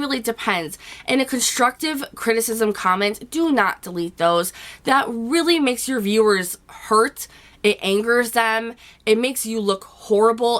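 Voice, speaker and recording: A woman with a cold-roughened, hoarse voice, giving blunt, chatty advice to her viewers in a casual vlog. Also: fairly high pitch, a bit bright. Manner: blunt, chatty, with frequent "you know" and casual swearing. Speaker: YouTube vlogger. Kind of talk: casual advice chat to camera.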